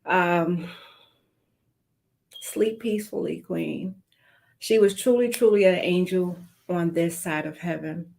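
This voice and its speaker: A woman's voice: fairly low pitch, takes it slowly, gravelly, pauses often. Woman hosting a live stream talk show. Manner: warm, churchy greetings and shout-outs. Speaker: online show host. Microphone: video call.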